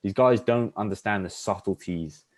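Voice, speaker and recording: Deep-voiced young man, rambling. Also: normal speed, darkish tone. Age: young adult. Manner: rambling, many fillers and restarts, acts out pickup lines. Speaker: podcast host. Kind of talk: casual chat.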